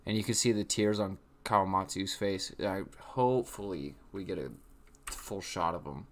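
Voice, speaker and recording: Young man, lowish pitch, casual live reaction commentary, loose phrasing, indoors at a computer. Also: moderate pace. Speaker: reaction video host.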